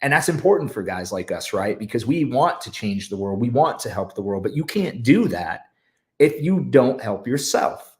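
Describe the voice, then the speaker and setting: A man's voice: mid-range voice, sing-song, normal speed. A man speaking as a podcast guest, earnest and encouraging, with lots of "like" and "you know". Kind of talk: casual podcast chat.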